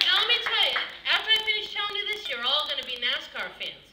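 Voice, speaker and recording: New lady doing standup, high voice, punchy crowd work, echoey far-off room w/ noise. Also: big pitch swings, fast talker. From Massachusetts. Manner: brash, crowd-working, punchy delivery. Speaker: stand-up comedian. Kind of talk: stand-up comedy set. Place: comedy club stage. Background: club audience.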